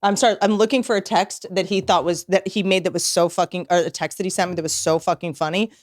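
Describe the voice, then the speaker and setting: A woman's voice: lowish voice, steady tone, quick pace, dry recording, studio quality. A woman comedian guesting on a podcast, chatting casually, teasing and swearing. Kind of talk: casual chat.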